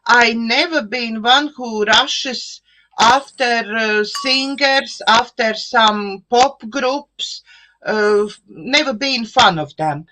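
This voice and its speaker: Slow-talking bright-voiced Eastern European woman. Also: on the high side, slight background noise, poor audio. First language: an Eastern European language. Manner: slow, searching, with many fillers and restarts. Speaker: host. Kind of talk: live online chat show.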